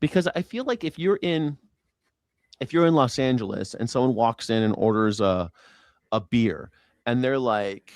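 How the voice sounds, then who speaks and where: A man's voice: medium pitch, lively intonation, normal speed, dry recording. Man hosting a live stream, casual and profane, jokey, dry close sound. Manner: profane, jokey, mimics accents. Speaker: show host.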